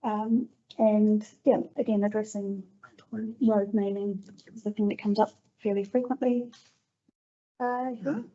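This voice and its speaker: A woman's voice: mid-range voice, fairly even intonation, unhurried, warm tone. A woman giving an upbeat, conversational community board update at a council meeting. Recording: dull lo-fi meeting recording.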